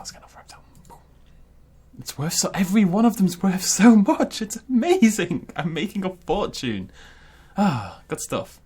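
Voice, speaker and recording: A man hosting a gaming channel, giving chatty, excitable let's-play commentary and laughing often. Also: medium pitch.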